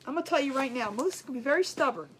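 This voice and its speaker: A middle-aged woman with a fairly high voice talks in a rambling, colloquial way, like a craft host chatting with viewers. She gets animated when she tells a story. There is a faint hiss of noise behind her. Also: very fast. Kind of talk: casual storytelling chat.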